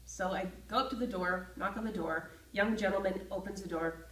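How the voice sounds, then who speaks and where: Woman storyteller, lively, personal, mid-pitched, recorded at a distance in a roomy space. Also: fairly quick, slight background noise. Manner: lively, acts out her own feelings. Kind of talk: personal story told to camera. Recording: roomy echo, voice from a distance from the mic.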